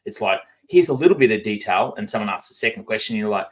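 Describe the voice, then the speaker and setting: A man's voice: on the low side, animated, quick pace, husky. An Australian man, a podcast guest, talking casually with a mouth-half-shut drawl and lots of ums. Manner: says um a lot, talks with a drawl and barely opens his mouth. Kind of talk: casual conversation.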